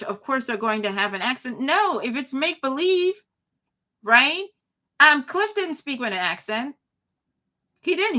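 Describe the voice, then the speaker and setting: Woman, show host, live commentary, emphatic, lots of restarts, bright tense voice. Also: a little high. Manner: animated, emphatic, talks with frequent restarts. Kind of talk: live commentary reacting to chat.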